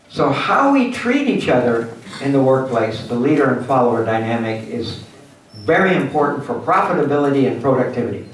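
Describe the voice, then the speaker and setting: A man giving a lively motivational lecture at a symposium, acting out little scenes for his audience. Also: on the high side, a little hiss or hum. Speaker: guest speaker at a symposium. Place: university lecture hall. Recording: echoey hall from far off.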